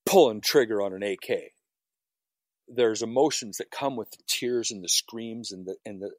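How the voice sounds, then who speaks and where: Man, firefighter guest, swearing, lively swooping delivery, dry close sound. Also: mid-range voice, dry recording. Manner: raw, profane, emotional storytelling. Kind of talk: personal story on a podcast.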